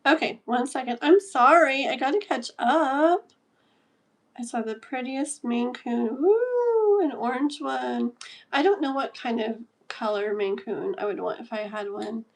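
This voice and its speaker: A woman's voice: on the high side, steady tone, unhurried, gravelly. A woman in her thirties hosting a casual livestream, chatting and giggling while reading comments aloud. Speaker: livestream tarot host.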